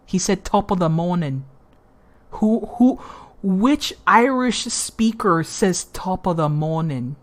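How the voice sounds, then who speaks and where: A woman's voice: fairly low pitch, slow. Giggly woman streamer. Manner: giggly, swearing, animated. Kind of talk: casual gaming commentary.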